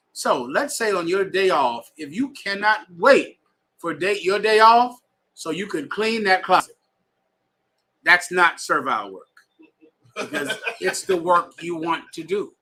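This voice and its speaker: High-pitched forceful preaching man. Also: slightly rough. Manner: preachy, addresses the audience with repeated "right?". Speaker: teacher. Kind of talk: scripture class lecture.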